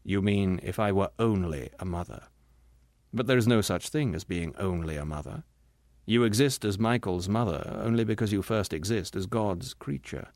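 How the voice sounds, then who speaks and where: A man doing a calm, gentle spirit brother. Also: on the low side, moderate pace, dry recording, studio quality, close to an everyday voice. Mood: patient, earnest. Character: patient, gentle bright spirit, the ghost's brother. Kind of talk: audiobook character reading.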